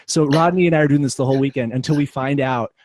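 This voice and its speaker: A man hosting a casual live video call, telling crude, joking stories in an animated way. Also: mid-range voice, quick pace, heavy background noise. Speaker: podcast host.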